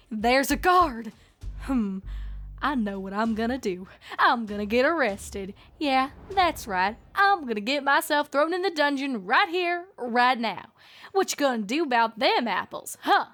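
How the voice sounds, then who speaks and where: A woman's voice: sits high, fairly bright tone, full character voice. A woman voicing a young female farm pony who plays at being an outlaw, with a Southern drawl and a grumbling, boastful way of talking, in a fanfic audiobook reading. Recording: faint music behind.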